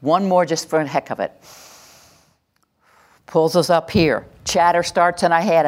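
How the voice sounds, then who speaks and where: Workshop presenter, woman, deep-set voice, lively and playful delivery. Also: measured pace, pauses often. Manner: animated, acts out little scenes and laughs along. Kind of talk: live teaching talk to an audience.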